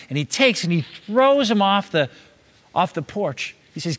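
A man's voice: sits high, lively intonation, normal speed, pushed and bright. A man preaching, building a long parable scene by scene and urging the listener to imagine it. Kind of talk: sermon told as a long parable.

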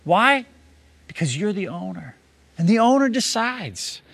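Higher-voiced male preacher telling a parable. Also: big pitch swings, moderate pace, gravelly, slightly rough. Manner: storytelling, builds scenes with repeated "imagine". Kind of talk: sermon told as a long parable.

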